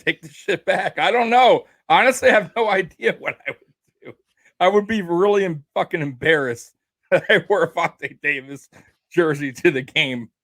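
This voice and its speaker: A man's voice: high-pitched, normal speed, fairly bright tone, no room sound, studio quality. A man co-hosting a casual sports podcast, laughing and teasing as he talks. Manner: laughs often, teasing, swears. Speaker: podcast co-host. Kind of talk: casual chat.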